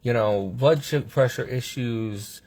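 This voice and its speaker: A man talking casually to his phone camera from a hospital room, rambling and halting with restarts and nervous laughs. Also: mid-range voice, a little mellow. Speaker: patient sharing his health ordeal. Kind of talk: casual vlog monologue.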